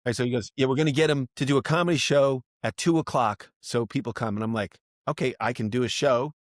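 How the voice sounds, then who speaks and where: Animated storytelling comedian man. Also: mid-range voice, quick pace, no room sound, clean studio sound. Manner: animated, acts out voices in anecdotes. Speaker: podcast guest, stand-up comic. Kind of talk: casual storytelling.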